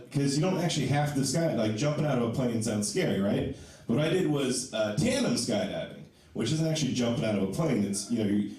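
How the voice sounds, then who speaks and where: A man's voice: mid-range voice, a little mellow, slight background noise. A man doing a self-deprecating stand-up comedy set, chatting with the crowd in a small comedy club. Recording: echoey club, distant mic, audience.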